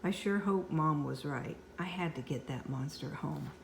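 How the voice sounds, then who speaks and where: An older woman reading a children's book aloud at home in a slow, expressive storyteller manner. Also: low-pitched, vocal fry, a little hiss or hum. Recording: echoey room with faint ambience.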